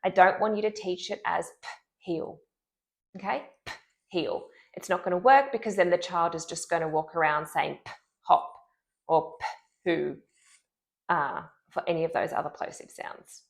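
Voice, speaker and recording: Her voice on the low side, a woman who works as a speech pathologist gives an instructional lesson and carefully, clearly models the sounds of speech.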